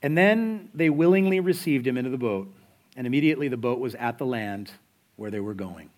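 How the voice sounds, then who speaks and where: A man's voice: medium pitch, lively intonation, a little fast, a little mellow. A man preaching a sermon in a conversational, storytelling way, full of rhetorical questions to the listeners. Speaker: pastor.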